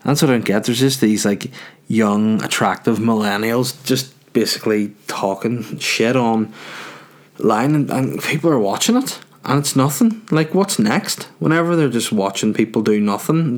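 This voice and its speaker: A man's voice: mid-range voice, normal speed. A man in his thirties, a stand-up comedian, chatting casually while answering viewer questions, swearing freely and ranting with self-mocking humor. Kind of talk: casual chat.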